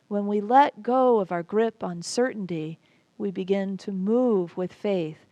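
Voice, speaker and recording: A woman pastor giving a reflective sermon, speaking in a gentle, inviting way and telling a story to her congregation. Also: mid-range voice, gravelly, no echo.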